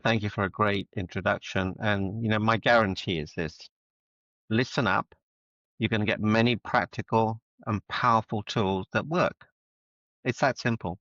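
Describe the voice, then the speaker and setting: An earnest middle-aged man tells his story as a guest, pressing each point home. His voice sits fairly low and sounds a little muffled, as over a video call, with a dry sound and no room echo. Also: steady tone, moderate pace, fairly bright tone. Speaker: guest, mindset coach. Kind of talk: storytelling interview answers.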